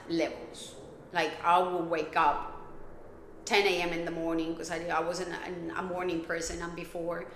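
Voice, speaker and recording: A woman's voice: lowish voice, sharp tone, slight background noise. A woman from Colombia hosting a podcast, telling her own story in a candid, blunt way and swearing freely. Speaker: podcast host. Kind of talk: confessional personal monologue. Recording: echoey room.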